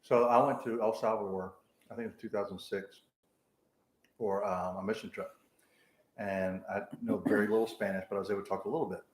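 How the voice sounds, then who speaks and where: A man's voice: on the low side, steady tone, a little fast. Chatty Southern man in an echoey house. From Georgia, USA. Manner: chatty, joking storyteller. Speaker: real estate agent hosting a live tour. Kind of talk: casual live-stream chat. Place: inside a house on tour. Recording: echoey room with faint noise.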